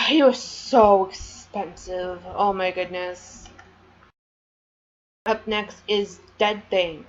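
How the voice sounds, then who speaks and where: A woman talks through her collection in an unhurried, meandering way, filling gaps with "um" and "like." Her voice sits at a middling pitch, and the recording sounds a little dull and lo-fi. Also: faint music behind. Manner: chatty, rambling, many fillers. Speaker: vlogger. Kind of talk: casual show-and-tell.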